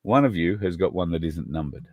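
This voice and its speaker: A man's voice: deep voice, animated, brisk, a little mellow, slightly rough, no echo. A man hosting a livestream, talking casually and rambling, addressing viewers by name. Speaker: podcast host.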